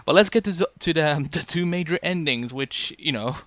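A man's voice: a little high, brisk, a bit bright, no room sound. A man co-hosting a podcast, chatting casually about a TV episode, joking and rambling and trailing off with asides. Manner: rambling, joking, trails off with "I'm just saying". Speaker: podcast co-host. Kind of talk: casual fan review chat.

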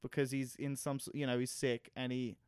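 Smooth-voiced man on a chatty podcast. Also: medium pitch, level tone, fairly quick, a little mellow, dry recording, clean studio sound. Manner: rambling, swears casually, jokey. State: hot and sweaty. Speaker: podcast co-host. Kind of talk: casual chat.

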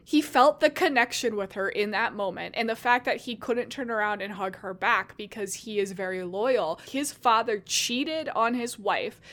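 A woman's voice: a little high, moderate pace, few pauses, a bit bright. A woman chatting casually about a story, animatedly acting out the characters' lines. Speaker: co-host discussing a story. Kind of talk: casual chat.

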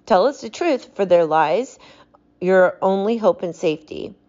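A woman reading aloud, voicing a calm, stern male detective who speaks with cutting precision. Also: medium pitch, measured pace, lo-fi sound, close to an everyday voice. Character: cool, commanding male detective.

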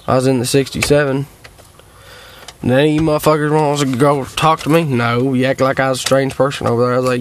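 A tired, worn-out vlogger sits at home rambling to his viewers, swearing and drawling through stories with lots of fillers in a casual monologue. His mid-range voice moves briskly with little pitch movement, and there's a little hiss or hum.

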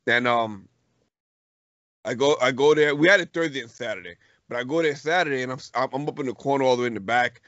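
Fast and a bit bright, a mid-range male voice comes across with no room sound. He's a middle-aged podcast co-host spinning a story in casual, slangy talk that keeps restarting, captured in dull lo-fi audio.

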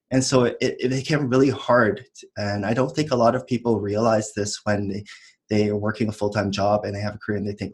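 A man in his thirties, an entrepreneur as guest, talking casually and reflectively, with frequent small laughs. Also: lowish voice. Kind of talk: casual chat.

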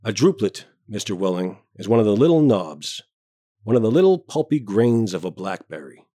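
A man reading a story aloud, voicing a towering, self-important male doctor with a booming, hearty manner. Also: very animated, moderate pace, dark tone, no echo, studio quality. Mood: lecturing. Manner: hearty, booming, bluff joviality.

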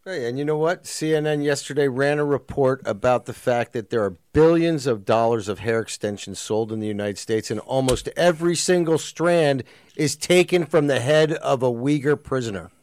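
A man adds a point in an easy, conversational tone as co-host. His voice sits at an ordinary middle pitch. It sounds close and dry, with no echo. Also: normal speed, darkish tone, clear, resonant tone. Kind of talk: casual chat.

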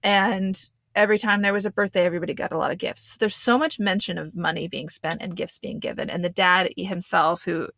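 A woman's voice: fairly low pitch, steady tone, fairly quick, vocal fry, hardly any pauses, a bit bright, dry recording, clean studio sound. Rambling, chatty woman podcaster. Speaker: podcast host. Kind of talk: casual chat.

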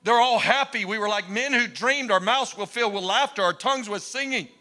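A man preaching a storytelling sermon, swinging from loud exclamations to hushed retelling and acting out the voices in his story. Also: sits high, brisk, soft background music. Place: church.

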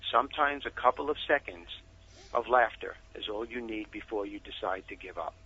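Man, animated storyteller, bright forceful voice, a little husky, muffled phone line. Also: lowish voice, brisk, no echo. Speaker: guest author. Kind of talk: casual phone interview.

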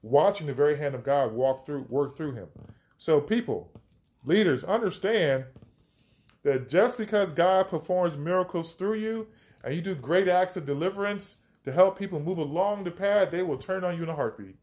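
A man's voice: a little high, lively intonation, moderate pace, darkish tone. A man hosting a podcast, teaching from the Bible with emphatic, reflective commentary as he reads scripture aloud.

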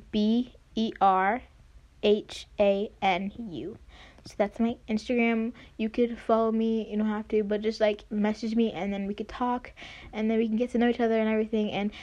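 A woman's voice: mid-range voice, darkish tone. A young woman hosting a casual solo podcast, rambling with many fillers and restarts. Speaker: podcast host. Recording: dull lo-fi home recording.

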